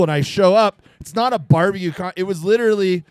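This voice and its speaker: A man from Florida spins loose, rambling comic stories, packed with "like" and "uh" and breaking into laughs. His voice sits a touch higher than most men's. The sound is close and dry, with almost no room around it. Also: fast talker, hardly any pauses, darkish tone, clean tone, no echo. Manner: rambling, laughing storyteller with many fillers. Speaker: guest comedian. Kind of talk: casual storytelling chat. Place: live podcast taping at a venue.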